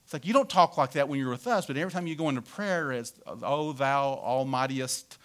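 A man's voice: fairly high pitch, lively intonation, very fast, fairly bright tone. A man preaching a conversational sermon as pastor, often tagging lines with "right?" and "you know".

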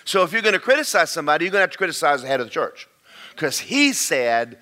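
An older preacher delivers a sermon in a folksy, emphatic, sing-song style. His voice sits a little high and comes across bright and forceful, and he stretches out key words slowly to drive them home.

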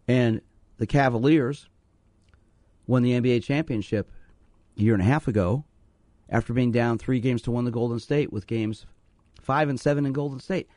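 A man's voice: medium pitch, moderate pace, long pauses, a little mellow, dry recording. Earnest male radio host, dry studio. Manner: earnest, storytelling, repeats phone number. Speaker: radio host, sports psychologist. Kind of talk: call-in radio talk.

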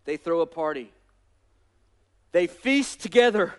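A male pastor preaching a sermon in an energetic, emphatic way, with self-deprecating humor. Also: fairly high pitch, a little slow.

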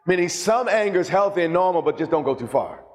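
A man with a fairly high-pitched voice preaching an impassioned sermon, pressing his points hard and tripping over repeated words as he goes. His voice rings out with a long trailing reverb from a large church hall. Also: expressive, quick pace.

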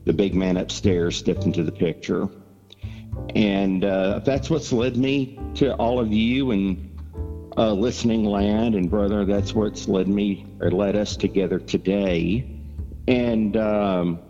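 A man's voice: lowish voice, steady tone, slow pace, warm tone, soft background music. A man from Georgia with a Southern accent, chatting folksily as a guest and sharing his testimony. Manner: folksy, joking, chatty with fillers. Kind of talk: casual testimony chat. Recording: dull lo-fi sound with long reverb.

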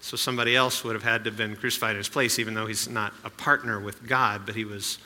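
A man's voice: on the low side, little pitch movement, fast, pushed and bright, long reverb tail. A male pastor giving a sermon in a conversational way, with asides and rhetorical questions.

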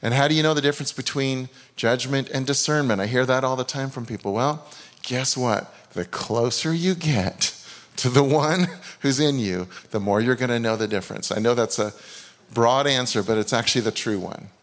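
A man's voice: medium pitch, normal speed. Male preacher, 50s, mid-range voice, earnest testimony, long hall echo. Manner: earnest, confessional, with many restarts and quoted asides. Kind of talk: sermon with personal testimony.

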